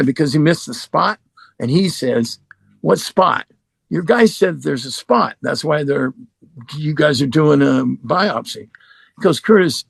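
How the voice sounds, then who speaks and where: Gravelly guy from oregon telling his story, swears a lot, does the voices, dry sound. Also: mid-range voice, no room sound. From Oregon, United States. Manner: swears freely, acts out both sides of conversations. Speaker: guest musician. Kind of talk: casual storytelling.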